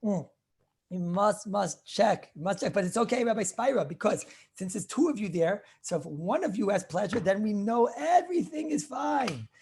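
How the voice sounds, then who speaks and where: In a high-pitched voice at normal speed, a male rabbi delivers a casual talk on Jewish law. He spins anecdotes with animation, repeats his phrases frequently, and clears his throat along the way.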